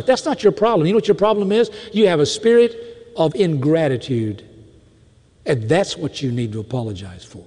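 A man preaching in a high voice that swings widely as he drives his points home. His sermon is animated, with mock-indignant asides to the congregation. The sound carries the long reverb of a large hall. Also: normal speed. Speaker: pastor.

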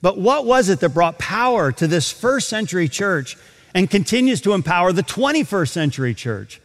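A man preaching a sermon to a congregation, animated, slowing down to stretch key phrases. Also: high voice, long reverb tail. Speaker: pastor. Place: large auditorium.

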